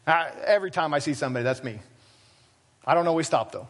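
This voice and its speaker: A man's voice: extremely high pitch, animated, brisk, fairly bright tone. A man preaching a sermon as pastor, talking plainly and conversationally with self-deprecating asides. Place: church sanctuary.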